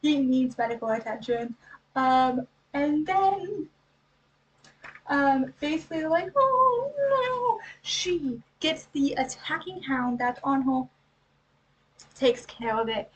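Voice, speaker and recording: A woman giving a casual book recap, chatty, full of rhetorical questions and quick acted-out asides. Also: high-pitched, expressive, breathy edge, far from the mic, dull audio.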